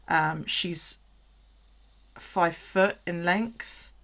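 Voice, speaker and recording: A woman's voice: on the low side, extremely slow, fairly bright tone. A woman chatting casually on a home livestream. She swears freely and coos at her pets.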